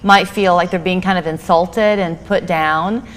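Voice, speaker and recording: A woman's voice: lowish voice, fairly even intonation, a little slow, big-room sound, background noise. A woman hosting a TV talk segment, asking the guest leading questions in a conversational way. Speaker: TV host. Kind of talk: TV interview.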